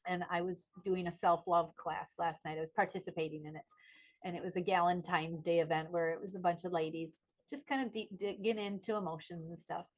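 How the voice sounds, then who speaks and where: A woman's voice: on the low side, fairly even intonation, fairly quick, lo-fi sound. A middle-aged woman co-hosting a podcast, chatting casually and telling a story animatedly, acting out the voices of the people she quotes. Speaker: podcast co-host. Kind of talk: casual chat.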